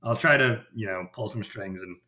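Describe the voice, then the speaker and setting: A man's voice: fairly low pitch, normal speed. A man talking casually as a podcast guest, loose and rambling, full of "like" and asides. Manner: relaxed, rambling, heavy use of "like". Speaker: podcast guest, baseball writer.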